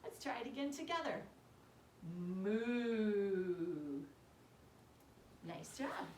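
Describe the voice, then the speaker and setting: A woman leads a children's yoga class at an unhurried pace, her voice bouncing widely up and down as she reads aloud and makes animal sounds. She sounds a bit away from the mic in a roomy space with a faint hum behind her. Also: on the high side, big pitch swings, a bit bright. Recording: roomy echo, distant mic, faint background noise.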